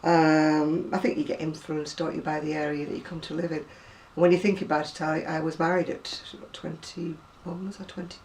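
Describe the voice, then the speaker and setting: A woman in her sixties with a softened Lancashire accent from the Oldham area, chatting in a rambling way with many asides and reading out words one by one. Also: low voice, level tone, normal speed, few pauses, slight background noise. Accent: Lancashire, Oldham area, softened by years near Manchester. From Lancashire, England. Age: 60s. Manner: rambling and conversational, with asides and self-corrections. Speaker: home video blogger. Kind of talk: chatty video reply, reading a word list aloud. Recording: voice a little distant from the mic.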